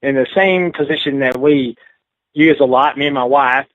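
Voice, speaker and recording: A man's voice: mid-range voice, moderate pace, a bit bright, no echo. Rambling man on a tinny phone line. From Texas. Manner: rambling, frank, full of "you know". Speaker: interview guest. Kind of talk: casual storytelling.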